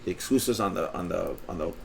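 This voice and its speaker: A man's voice: deep voice, fast talker, vocal fry. Rambling, swearing male podcast storyteller. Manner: rambling, animated storyteller who acts out quotes, swears freely. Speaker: podcast co-host. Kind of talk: casual storytelling chat.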